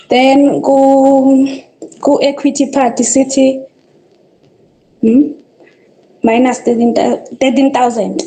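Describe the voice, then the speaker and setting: A woman's voice: high voice, mellow, low-quality recording. Hesitant woman student on a call. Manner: hesitant, working through a problem aloud. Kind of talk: answering on a video call. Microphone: video call.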